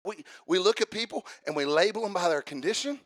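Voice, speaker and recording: A man preaching a sermon, fervent, building up to shouting and sing-song chanting. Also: high-pitched, animated, a little fast, no room sound.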